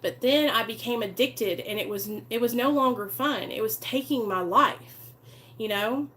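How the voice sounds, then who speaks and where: A woman's voice: fairly high pitch, normal speed, fairly bright tone. A woman hosting a live recovery stream, talking earnestly and chattily to her viewers and greeting them by name. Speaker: recovery channel host. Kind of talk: casual live-stream talk.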